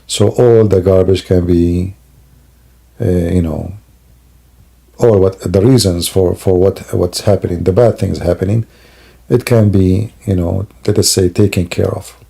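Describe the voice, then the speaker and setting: A man's voice: low voice, steady tone, measured pace, vocal fry, mellow, slightly rough. A sleepy man talking to his live-stream audience at home at night, rambling, with broken grammar and many fillers. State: sleepy and yawning. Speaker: Christian apologist streamer. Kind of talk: casual live-stream monologue.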